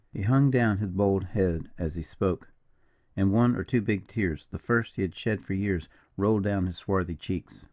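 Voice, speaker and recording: Low-voiced male audiobook narrator. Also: moderate pace. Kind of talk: scripted narration. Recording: dull, dry lo-fi recording.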